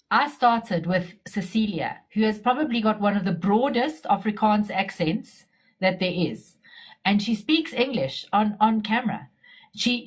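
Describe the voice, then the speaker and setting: Middle-aged woman, casual live-stream guest, chatty storyteller who restarts often, mid-range pitch. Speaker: community member sharing her story.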